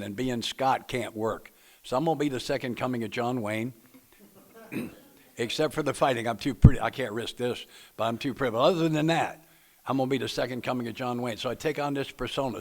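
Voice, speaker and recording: A man talks a group through a book study. His delivery is plainspoken and folksy, with a joking edge. His pitch sits in the middle range. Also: a little fast. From Nashville, Tennessee. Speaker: recovery meeting speaker leading a book study. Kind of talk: speaker-meeting talk to a group.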